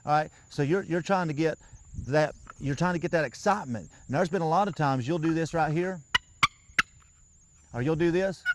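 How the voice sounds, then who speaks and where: A man's voice: fairly high pitch, normal speed, a little hiss or hum. A man giving a patient, folksy hands-on lesson outdoors, often repeating himself as he coaches a beginner. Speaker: turkey calling instructor.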